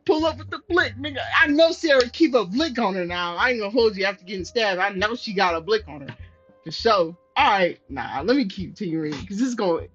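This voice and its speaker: A brisk, mid-range female voice narrates a story game for her stream, animated and prone to loud, profane, outraged reactions. Slightly muffled audio carries soft game music in the background.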